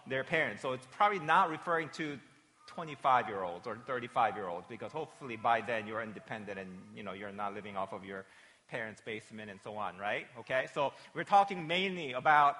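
Bright-voiced pastor in an echoing church. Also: male voice, medium pitch, animated, fairly quick. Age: 40s. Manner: chatty, checks in with "right?" and "okay?". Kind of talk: children's sermon. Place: church sanctuary during a worship service. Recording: long reverb of a church hall.

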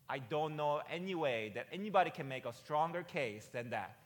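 An American pastor in his forties preaches conversationally, often asking "right?" and climbing to loud, emphatic peaks. His voice is a little high with lively intonation, normal speed, and few pauses, in a big-room sound.

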